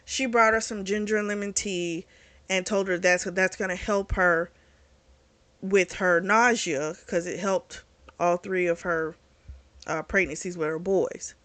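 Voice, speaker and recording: A woman's voice: medium pitch, a bit bright. A woman hosting a book channel, recapping a novel in a chatty, blunt, sometimes profane way with lots of fillers. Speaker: book review channel host.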